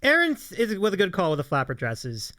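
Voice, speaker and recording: A man's voice: high voice, wildly swooping pitch, bright, forceful tone, no room sound. A man hosting a casual live-streamed chat show, eagerly agreeing with his guest and reading out viewer questions. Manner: eager, quick to agree, keeps saying yeah.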